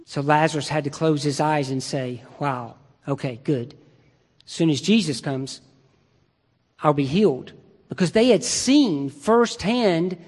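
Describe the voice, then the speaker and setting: A man preaching a sermon in a conversational, emphatic way, asking his listeners rhetorical questions. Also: high voice. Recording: long reverb in a large hall.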